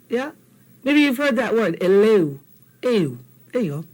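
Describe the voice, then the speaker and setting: A woman's voice: fairly high pitch, sing-song, measured pace, long pauses, a little mellow, low-quality recording. A middle-aged woman teaching a language lesson, patiently drilling vowel sounds and coaxing viewers to repeat after her. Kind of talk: slow, patient classroom teaching.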